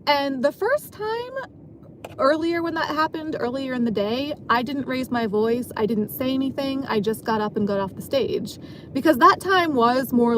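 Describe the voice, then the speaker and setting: A woman's voice: fairly high pitch, slight background noise. A woman casually telling a long story from her job as a dancer, rambling and filling her sentences with "like". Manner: rambling, filler-heavy, frequent "like".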